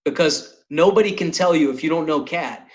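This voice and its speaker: A man's voice: fairly high pitch, moderate pace, lo-fi sound. A man hosting a podcast, telling a long comic anecdote in casual, profane chat. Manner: animated, swearing anecdote teller. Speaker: podcast host and comedian.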